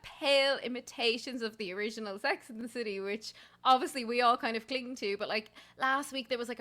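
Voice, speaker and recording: A woman hosting a recap podcast, talking in a chatty, enthusiastic way. Her voice is bright and clear, and she often breaks into laughter. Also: fairly high pitch. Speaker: podcast host. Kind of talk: casual chat.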